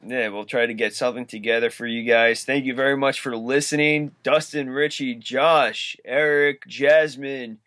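Easygoing male co-host, mid-pitched, relaxed casual chat. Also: moderate pace, few pauses. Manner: laid-back, short agreeing replies. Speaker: podcast co-host. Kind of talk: casual wrestling podcast chat.

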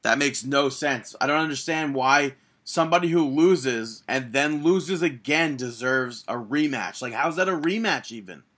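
Young male podcast co-host, bright voice, opinionated and exasperated recapping. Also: medium pitch, normal speed, few pauses. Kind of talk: casual wrestling podcast chat.

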